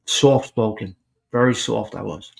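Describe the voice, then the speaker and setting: A man's voice: on the low side, unhurried, gravelly. A man, hosting a podcast and animatedly telling a personal story, acting out the dialogue. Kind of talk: casual storytelling.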